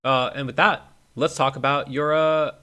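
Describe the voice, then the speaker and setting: Bright-voiced male interviewer. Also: medium pitch, fairly even intonation, normal speed. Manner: brief encouraging backchannels, steering questions. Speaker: host interviewer. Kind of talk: casual interview.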